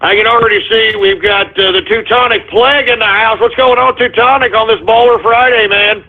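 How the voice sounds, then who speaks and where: A man's voice: high-pitched, fairly even intonation, a little fast. Winded, agitated radio host man. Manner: agitated, swearing, out of breath. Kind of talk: call-in radio talk. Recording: phone-like narrow audio.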